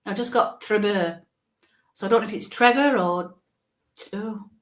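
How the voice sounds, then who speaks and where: Halting woman in a roomy space. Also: mid-range voice. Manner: halting, thinks aloud with frequent restarts. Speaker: psychic medium. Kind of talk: live mediumship reading.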